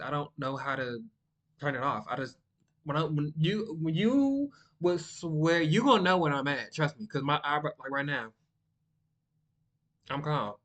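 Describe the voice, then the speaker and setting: Rambling young man vlogging casually. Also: on the high side. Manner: rambling, sidetracked, self-described monotone. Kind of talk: casual talk to camera.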